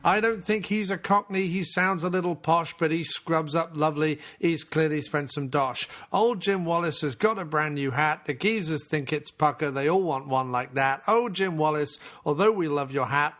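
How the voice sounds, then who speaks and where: A man's voice: on the high side, moderate pace, hardly any pauses, a bit bright. A man hosting a podcast, chatting casually with frequent laughs and reading a listener's email aloud. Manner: easygoing, laughs often. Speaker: podcast host.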